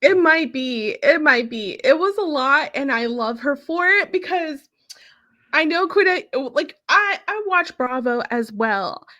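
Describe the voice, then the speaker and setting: High, bright-voiced woman podcast host. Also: expressive. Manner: emphatic, quick to agree. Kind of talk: casual recap chat.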